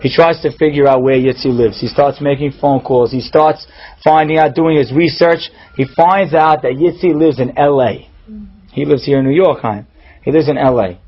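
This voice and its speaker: A rabbi tells a story in a husky, slightly high voice. He is dramatic and goes soft and low when the tension builds. The sound is dull and lo-fi. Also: moderate pace. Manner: dramatic, drops soft and low at tense moments. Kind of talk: sermon storytelling. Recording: dull lo-fi recording.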